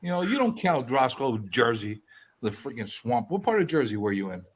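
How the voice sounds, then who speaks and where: A man in a casual group video chat, teasing the others with loud, rambling, playful bluster. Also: mid-range voice, big pitch swings, moderate pace. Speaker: community hangout regular.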